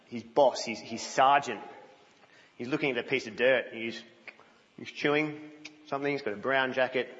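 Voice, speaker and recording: A man preaching a sermon in a church, telling stories in an animated way and dropping to a hush. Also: medium pitch, moderate pace, pauses often. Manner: animated storytelling, drops to a hush. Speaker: guest preacher. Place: church, indoors. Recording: reverberant, muffled church hall.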